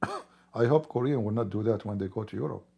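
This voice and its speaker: A hoarse man who is losing his voice talks in a rambling, emphatic way during a casual livestream, clearing his throat often. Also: fairly low pitch, a little fast, mellow. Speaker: livestream host.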